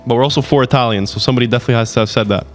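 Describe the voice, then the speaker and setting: Man, quiz contestant, calm, matter-of-fact, casual banter. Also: mid-range voice, very fast, faint music behind.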